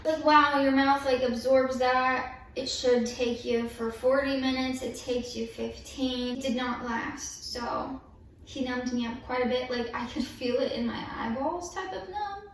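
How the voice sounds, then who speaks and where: A woman's voice: high-pitched, unhurried, distant mic. Chatty woman in an echoey room. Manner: candid, chatty, expressive. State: in pain after dental surgery. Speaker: vlogger. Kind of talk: casual storytime vlog. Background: faint yard work noise outside.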